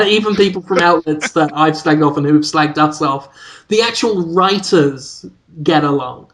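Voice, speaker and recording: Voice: medium pitch, a little slow, a bit bright. A podcast co-host talking in a chatty, self-deprecating way with many fillers. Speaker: podcast co-host, games journalist. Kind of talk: casual podcast banter.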